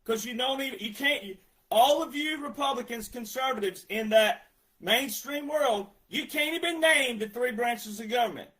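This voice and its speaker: A man giving an emphatic, sarcastic ranting monologue as a political commentator, with sudden loud outbursts. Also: very high voice, normal speed.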